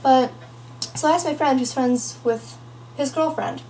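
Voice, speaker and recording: A teenage girl talks through a casual home vlog in a rambling, chatty way, full of playful asides. Her voice sits a little on the high side, and a faint hum runs underneath. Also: fairly even intonation, measured pace, dark tone. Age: teens. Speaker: vlogger.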